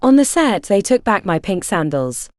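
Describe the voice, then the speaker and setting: Woman reading a story out loud, measured and steady, lots of pitch movement, no room echo. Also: studio quality. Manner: measured first-person storytelling. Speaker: narrator. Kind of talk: audiobook narration of a literary story.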